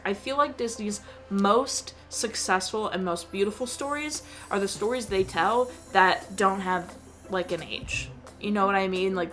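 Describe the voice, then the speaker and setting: A woman's voice: medium pitch, a bit bright. A woman reviewing a movie in casual chat, enthusiastic and gushing, with lots of "like" fillers. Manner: enthusiastic, gushing, heavy use of "like".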